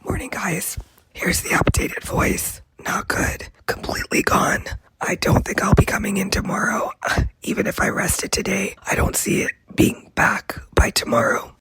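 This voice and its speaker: A woman with laryngitis rasps out a voice note, mostly whispering because her voice is nearly gone. The sound is breathy and badly gravelly, high and thin where any voice comes through. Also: moderate pace, fairly bright tone, poor audio. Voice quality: hoarse whispered rasp. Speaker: radio host. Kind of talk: voice note to coworkers.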